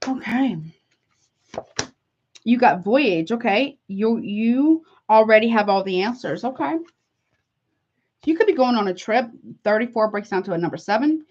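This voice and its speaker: A woman's voice: fairly high pitch, expressive, measured pace, long pauses, darkish tone. A woman doing a casual tarot reading for her viewers, chatty and heartfelt, calling listeners honey. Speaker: tarot reader. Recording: slightly dull lo-fi audio.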